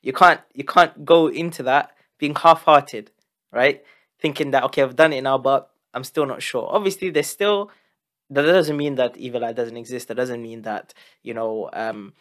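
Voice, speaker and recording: A man's voice: medium pitch, a bit bright. A man hosting a casual interview, reflecting thoughtfully and asking open questions, with Arabic religious phrases in his talk. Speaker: podcast host.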